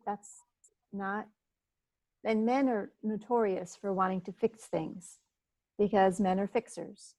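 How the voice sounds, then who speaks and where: A woman gives a relaxed presentation to a business group, speaking in a plain, conversational way and often saying "you know." Her voice sits at an ordinary pitch. The sound is dry and close, with almost no room around it. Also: slow, pauses often, no room sound, poor audio. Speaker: presenter at a business networking meeting. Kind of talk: informal presentation.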